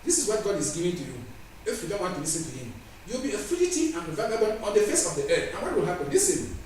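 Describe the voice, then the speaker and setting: A man preaches in a high voice that swings widely up and down, emphatic and pleading, with short laughs between phrases. He sounds far from the mic in a very echoey room with faint noise behind him. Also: very animated, fast, a little mellow. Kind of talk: sermon with scripture reading.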